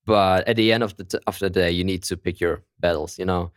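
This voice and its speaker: Give me a man with a German accent and a very deep voice, hosting a podcast in an upbeat, halting way. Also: fairly even intonation, clear, resonant tone, no echo, studio quality. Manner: halting, repeats words, upbeat. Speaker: podcast host. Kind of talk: casual podcast chat.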